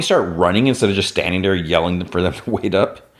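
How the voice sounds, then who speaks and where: A low-voiced man recapping an episode in a casual, rambling way. He says "like" often and jumps into raised voices to act out lines. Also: fairly quick. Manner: retells scenes, acting out lines in a raised voice; loose, filler-heavy storytelling. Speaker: podcast host.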